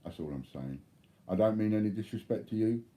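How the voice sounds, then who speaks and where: A man's voice: fairly low pitch, lively intonation, a little fast, dark tone. A man replying bluntly to viewer chat during a live stream, swearing freely.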